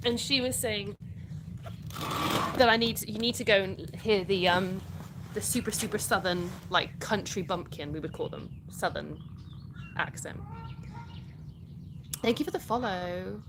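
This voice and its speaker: A middle-aged woman with a British accent talks casually on a live stream, reading out viewers' questions and answering them. Her voice sits at an ordinary pitch, and she laughs easily between answers. A faint noise stays under the recording. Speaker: livestream host.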